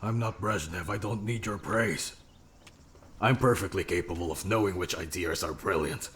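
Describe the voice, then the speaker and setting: A man's voice: low voice, normal speed, husky. An actor dubbing a ruthless rich businessman father who gives curt, commanding orders. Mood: cold. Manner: curt, commanding, then shouting.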